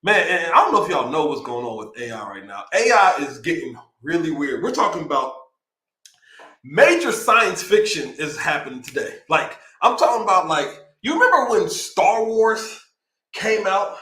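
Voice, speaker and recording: A man hosting a live show, talking in a loose, rambling, excitable way. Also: fairly high pitch, normal speed, roomy sound. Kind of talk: casual livestream talk. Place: home streaming setup near Austin, Texas.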